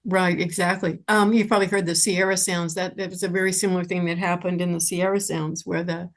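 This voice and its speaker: A woman's voice: on the low side, flat delivery, a little fast. A woman hosting an interview, asking short, conversational follow-up questions. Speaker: host. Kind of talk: casual interview talk.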